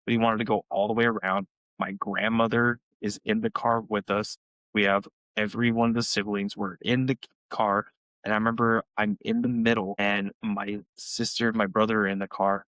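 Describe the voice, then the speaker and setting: A young podcast co-host chats casually while recounting family tales, slipping into high-pitched voices to act out what people said. His voice is a bit bright, with no echo, though the audio quality is poor.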